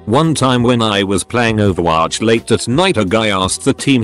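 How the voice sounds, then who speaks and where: Male storyteller, low and animated, reading posts over faint background music. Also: moderate pace. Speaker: narrator reading online posts. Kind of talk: scripted narration.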